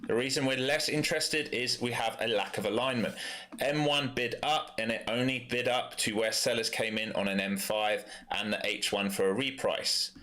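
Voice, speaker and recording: A man's voice: mid-range voice, fairly even intonation, moderate pace, bright, forceful tone. A man from East London with a London accent, giving casual, blunt live commentary on his trades and answering chat. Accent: London English. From East London, England. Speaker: day trader streaming live.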